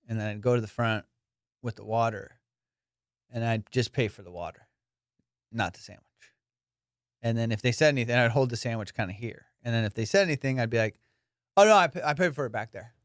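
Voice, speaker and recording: A young man with a middle-pitched voice tells casual stories as a comedy podcast host, swearing freely and animated throughout. His voice is recorded close and dry, with no room sound at all. He pops into high, excited voices when he acts out what he and others said. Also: dry recording. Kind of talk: casual storytelling.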